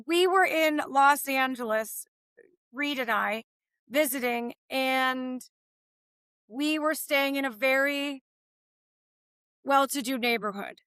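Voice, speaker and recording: A woman's voice: fairly high pitch, a bit bright, smooth, no echo. A woman hosting a podcast, telling a personal story in emphatic, conversational chat. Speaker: podcast host.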